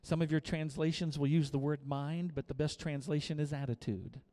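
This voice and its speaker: High-voiced preaching pastor, soaring emphasis. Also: male voice, steady tone, normal speed. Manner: swings from quiet to loud, emphatic repetition. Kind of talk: sermon.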